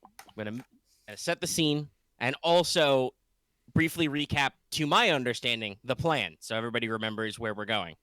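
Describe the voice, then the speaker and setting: A man serving as game master, setting the scene for a tabletop game with relaxed jokes. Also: medium pitch, fairly quick, no room sound.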